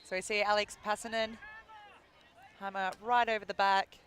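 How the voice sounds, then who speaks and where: Man, play-by-play commentator, high voice, bright tone, wry, measured. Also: level tone, some chatter behind, slight background noise. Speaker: sports commentator. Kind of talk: live sports commentary.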